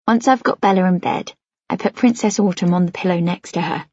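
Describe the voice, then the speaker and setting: Woman audiobook narrator, first person, husky, slightly muffled recording. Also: on the low side, fairly quick, dry recording. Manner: intimate, soft-spoken storytelling.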